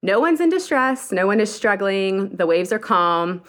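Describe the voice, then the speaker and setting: A woman's voice: mid-range voice, normal speed, a little hiss or hum. A young adult woman from Pennsylvania, calling in to tell a personal story in a casual, vivid way. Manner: vivid, lively retelling with quoted inner thoughts. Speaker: caller telling a story.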